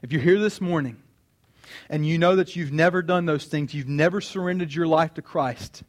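Man, 30s, pastor giving a heartfelt sermon, slightly high voice, emphatic repetition. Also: normal speed. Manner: earnest, personal, with emphatic repeated phrases.

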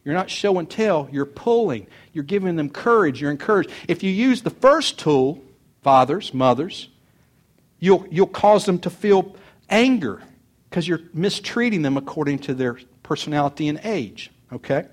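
Older preacher, slightly high voice. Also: male voice, animated, moderate pace. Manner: storytelling, warm repetition for emphasis. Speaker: pastor. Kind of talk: sermon.

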